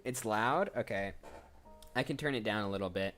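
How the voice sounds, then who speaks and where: A man's voice: lowish voice, moderate pace, a bit bright, soft background music. A man who voices characters, chatting casually on a live stream and thinking aloud as he goes. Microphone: desk microphone.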